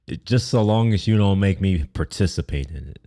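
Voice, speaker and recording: A man's voice: low-pitched, lively intonation, a little fast, warm tone. A man from Texas, giving blunt, profane, rambling reaction commentary on clips.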